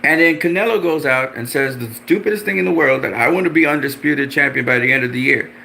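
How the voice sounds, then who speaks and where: A man's voice: quick pace, creaky, a little hiss or hum. A man angrily ranting about boxing, profane and repetitive, with mocking jumps in his voice. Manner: animated, mocking pitch jumps. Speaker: boxing commentator. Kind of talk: ranting commentary.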